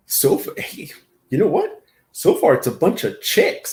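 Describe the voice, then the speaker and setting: A man's voice: fairly high pitch, wildly swooping pitch, measured pace, a little mellow. Rambling, laughing man in an echoey room. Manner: rambling, laughing, reacting to chat. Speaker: livestream host. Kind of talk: casual livestream chat.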